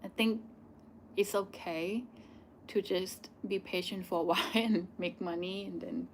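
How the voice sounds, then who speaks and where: A young Thai woman with a Thai accent, Thai as her first language, hosting a live question-and-answer stream in a loose chatty way with many "like" and "um" pauses. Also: mid-range voice, steady tone, slight background noise. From Thailand. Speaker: channel host answering viewer questions.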